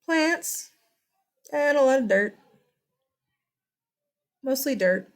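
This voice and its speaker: A young woman with a Texan accent, teaching a recorded history lesson in a chatty, animated, exclamatory way. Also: high-pitched, drawn-out words.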